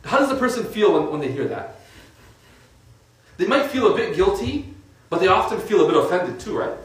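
A man's voice: high-pitched, sing-song, moderate pace. Echoey man giving a casual sermon. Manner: conversational, uses casual fillers. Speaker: religious speaker. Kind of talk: informal sermon. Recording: echoey room from a distant mic.

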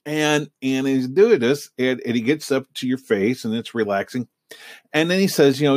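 A man's voice: mid-range voice, brisk, no room sound. Middle-aged guy rambling through a story, lots of ums, dry close sound. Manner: rambling, many fillers and restarts. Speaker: hypnotist and podcast host. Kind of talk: casual storytelling.

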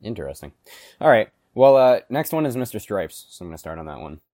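Young man, casual banter, swears freely, deep low voice, dry close mic. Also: sing-song, fast, dark tone, no echo. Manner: laid-back, swearing, laughs easily. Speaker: co-host reading stories. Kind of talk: casual chat.

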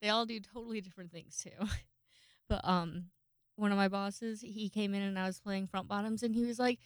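A young woman talks loosely into a close home mic, hosting her own podcast and rambling from one thought to the next. Her voice is smooth and clear, and the sound is dry, with no room around it. She swears freely and laughs at herself. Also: mid-range voice, fairly even intonation, a little fast, no echo. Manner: rambling, profane and self-deprecating, with frequent laughs and restarts. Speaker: podcast host. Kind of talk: casual solo podcast monologue.

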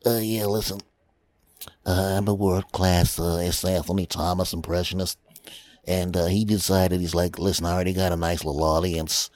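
A man doing a gruff, insulting hired impressionist. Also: low-pitched, flat delivery, moderate pace, a little mellow, close to an everyday voice. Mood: surly. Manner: surly and dismissive. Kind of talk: comedy podcast sketch.

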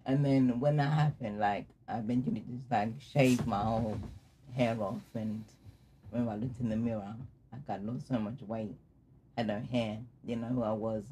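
A young man telling a personal story in casual conversation, candid and laughing through dark memories. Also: mid-range voice, fairly even intonation, normal speed, a little hiss or hum. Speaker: guest telling his story.

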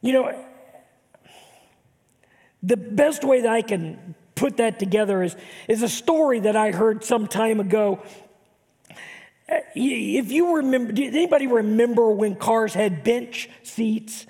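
A man's voice: high voice, a little slow, pauses often, warm tone. An older man, a pastor, preaching a sermon earnestly and repeating words for emphasis. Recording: long hall reverb.

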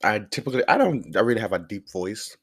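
A man hosting his own podcast in a rambling, casual way, hoarse from a sore throat and pausing now and then to chew. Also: lowish voice, big pitch swings. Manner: rambling, chatty, pauses to chew food. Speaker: podcast host. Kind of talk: casual solo podcast chat.

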